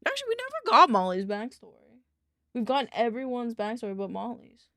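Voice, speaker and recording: Goofy Southern streamer woman, gravelly. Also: on the high side, wildly swooping pitch, brisk, fairly bright tone, no room sound, studio quality. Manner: goofy, rambling, talks to chat. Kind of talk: casual live-stream chat.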